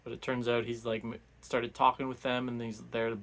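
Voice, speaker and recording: A man's voice: mid-range voice, little pitch movement, normal speed, fairly bright tone. A man giving a casual, rambling recap of a novel for a book club, full of restarts and fillers.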